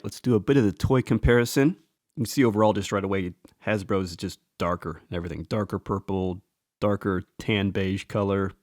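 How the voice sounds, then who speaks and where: A man casually talking through a toy figure as a reviewer, relaxed and enthusiastic, thinking aloud as he points out details. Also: on the low side, no echo, studio quality. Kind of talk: casual show-and-tell commentary.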